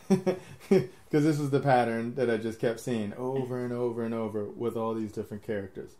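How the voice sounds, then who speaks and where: A man's voice: medium pitch, normal speed, warm tone. A man hosting a podcast, rambling through his ideas in casual chat, laughing often and swearing freely. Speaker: podcast host.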